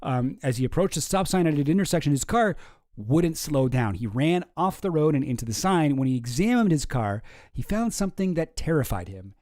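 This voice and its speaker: A man hosting a commentary stream, his voice lively and swinging up and down in pitch. He reads news posts aloud and breaks in with sarcastic, swearing asides. The recording is close and dry. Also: brisk, no echo. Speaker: streamer host.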